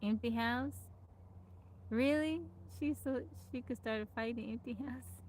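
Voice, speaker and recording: A woman's voice: fairly high pitch, steady tone, normal speed, a little hiss or hum. Chatty woman hosting a livestream. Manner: reads out folksy sayings and greets viewers by name. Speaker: livestream host. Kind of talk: casual livestream chat.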